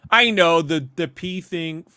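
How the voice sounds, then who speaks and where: A man co-hosting a casual review chat, animated and rambling, laughing often. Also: fairly high pitch, takes it slowly, smooth, dry recording, studio quality. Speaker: podcast co-host.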